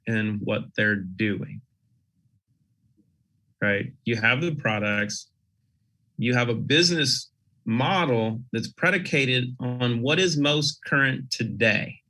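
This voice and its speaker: A man's voice: mid-range voice, sharp tone, rough recording. A man presenting on a video call, talking through ideas in a rhetorical way and often adding "right?". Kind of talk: casual business talk.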